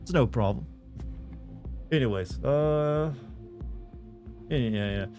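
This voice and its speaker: A man's voice: mid-range voice, expressive, takes it slowly, dark tone. Male streamer, sarcastic rambling chat with viewers, faint music underneath. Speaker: live streamer.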